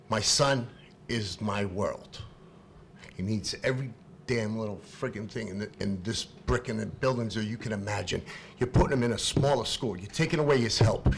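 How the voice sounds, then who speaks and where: A man's voice: on the low side, vocal fry, a little hiss or hum. Impassioned father at a podium. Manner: impassioned, halting, repeats words, swings from quiet to shouting. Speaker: parent speaking at public comment. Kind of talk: emotional unscripted public comment. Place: public meeting hall.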